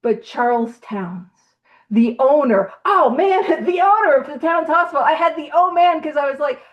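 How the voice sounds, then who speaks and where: A woman with a fairly high voice leads a recovery meeting. She tells a story in a lively, casual way, with frequent laughter. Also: normal speed, highs cut off. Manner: animated storyteller, laughs often. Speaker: meeting leader.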